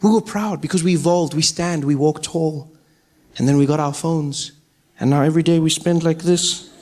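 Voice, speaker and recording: A man's voice: fairly high pitch, normal speed. A man in his thirties with a South African accent doing a stand-up set, acting out characters with big jumps in his voice. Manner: animated storytelling, acts out characters with big voice jumps. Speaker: stand-up comedian. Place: stage before a live audience.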